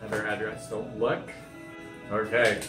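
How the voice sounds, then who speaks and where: A young man vlogging from home, playful and quick to laugh. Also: lowish voice, flat delivery, reverberant, music in the background. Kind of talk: casual chat.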